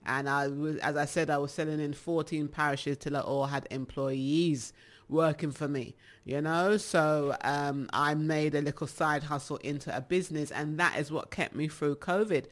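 A woman with a British accent, chatting casually to her viewers as a rambling, animated storyteller. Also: sits low, normal speed. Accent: British English. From England. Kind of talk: casual chat.

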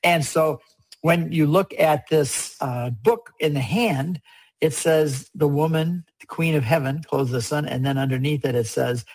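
A man talks through religious imagery in an earnest, emphatic way, circling back to repeat what matters. His voice sits a little high and has a husky edge. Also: a little slow, a little mellow, poor audio. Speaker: guest speaker on religious art. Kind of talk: conversational explanation.

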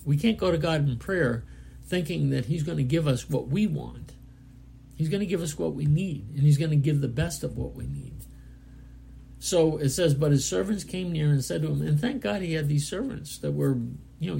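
A man preaching a Bible lesson, reading scripture aloud and explaining it in a casual, halting way with fillers. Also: fairly high pitch, vocal fry, warm tone, slight background noise. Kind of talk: Bible study sermon, reading scripture and commenting.

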